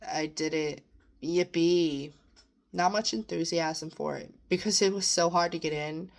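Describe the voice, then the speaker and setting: A young woman talking earnestly in a personal vlog, sometimes close to tears as she encourages herself and her listeners. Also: lowish voice. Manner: earnest, emotional, self-encouraging. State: near tears at times. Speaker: vlogger. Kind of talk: personal reflective monologue.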